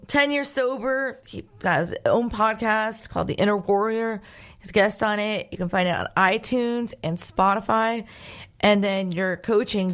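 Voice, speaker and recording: An American woman hosting an interview in a chatty, giggly, relaxed way. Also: medium pitch. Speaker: interview host. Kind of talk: casual interview chat.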